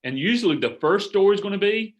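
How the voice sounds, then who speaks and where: A middle-aged man coaching a group over a video call, earnest and animated, acting out sample sales conversations. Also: sits high, a little fast. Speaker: business coach. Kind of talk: coaching workshop talk.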